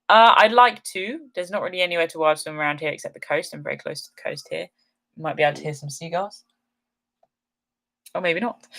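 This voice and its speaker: A woman's voice: low voice, fairly bright tone. Woman chatting on her live stream, upbeat, lots of ums, bit tired and yawny. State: yawning, a little tired. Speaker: outdoor channel host. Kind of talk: live-stream chat answering comments.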